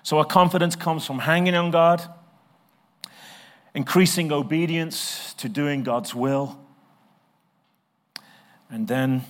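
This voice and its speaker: A middle-aged male pastor preaching a sermon, swinging from soft, slow passages to loud, emphatic ones. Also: a little high, fairly even intonation.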